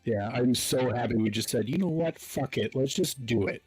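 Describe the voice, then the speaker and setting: Man, casual podcast host, filler-heavy storytelling, mid pitch, faint music underneath. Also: moderate pace, a little mellow, slightly rough. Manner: rambling storyteller, lots of fillers and laughs. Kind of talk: casual chat.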